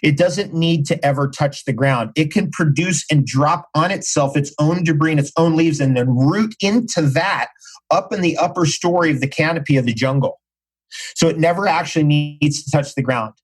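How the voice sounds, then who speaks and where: A man's voice: fairly high pitch, moderate pace, husky, low-quality recording. A middle-aged man, a podcast guest, telling stories in casual conversation with enthusiasm and slang.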